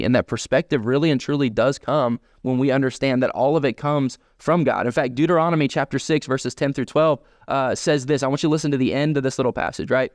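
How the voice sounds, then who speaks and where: A man's voice: medium pitch, fairly even intonation, fast, hardly any pauses, no room sound. Male pastor, casual sermon delivery, mid-range voice, dry close sound. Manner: conversational, often asking "right?".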